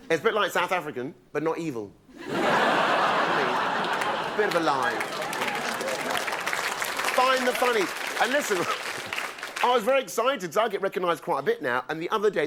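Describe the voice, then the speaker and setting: A stand-up comedian with a high, lively voice, swinging up and down as he sets up each wry punchline. He plays to a packed room, and loud audience laughter and chatter fill the live recording. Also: heavy background noise. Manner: wry, builds to punchlines, mimics people. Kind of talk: stand-up routine.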